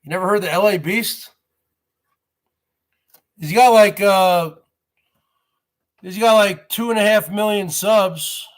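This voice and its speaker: A man's voice: sits high, takes it slowly, long pauses. A man hosting his own live stream, rambling to viewers as "folks" with repeated rhetorical questions. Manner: addresses audience as folks. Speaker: livestream host.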